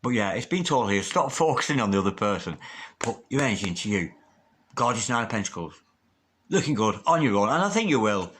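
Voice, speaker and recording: A man's voice: lowish voice, very animated, brisk, a bit bright, a little hiss or hum. Chatty man giving a tarot reading. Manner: chatty and emphatic, swears casually. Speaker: tarot reader.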